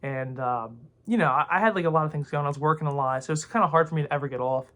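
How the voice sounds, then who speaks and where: Young guy vlogging, talks super fast, rambly and worked up, lots of likes and swearing. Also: a little high, sharp tone. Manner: rambling and heated, with constant filler words and swearing. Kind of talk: casual opinion rant to camera.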